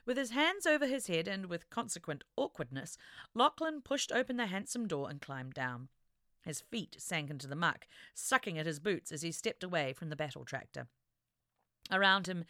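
A woman reading an adventure story aloud as narrator, with expressive, dramatic storytelling. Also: on the low side, no echo, studio quality. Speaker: audiobook narrator. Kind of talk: scripted narration.

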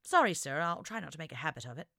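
A woman's voice: low voice, sing-song, rapid-fire, pushed and bright, no room sound, clean studio sound, full character voice. A woman voicing a cheerful, tactless young male mechanic who rambles enthusiastically. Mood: eager.

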